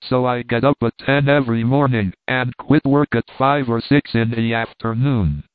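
A man reading old letters and commentary aloud in a steady, measured way. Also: mid-range voice, clean tone, no echo. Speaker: reader. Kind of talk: scripted narration of old letters. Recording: dry, tinny phone-like sound.

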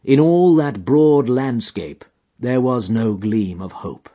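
Male audiobook narrator, dramatic and drawn-out, husky voice, dull lo-fi recording. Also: mid-range voice, dark tone. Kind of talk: expressive literary narration.

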